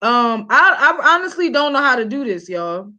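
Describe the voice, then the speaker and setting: A woman's voice: high voice, big pitch swings, moderate pace, sharp tone. A woman from Philadelphia hosting casual celebrity gossip commentary, blunt and chatty, talking straight to her viewers.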